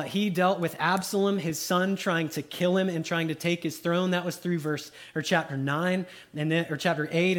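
A male pastor preaching a sermon in a conversational way, often checking in with the listeners and dropping soft for emphasis. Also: fairly high pitch.

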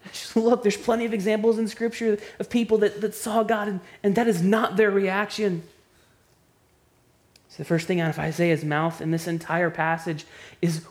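High-voiced preacher, hushed then impassioned. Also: male voice. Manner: swings from hushed to impassioned, with repeated restarts. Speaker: pastor. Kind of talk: sermon.

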